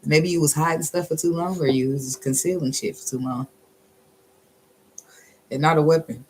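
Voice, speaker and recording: This tarot reader has a deep, slightly mellow voice with fairly even intonation, and a faint hiss or hum sits under the recording. She reads casually in a blunt, sassy, profane style, laughing a lot and slowly drawling certain phrases for emphasis.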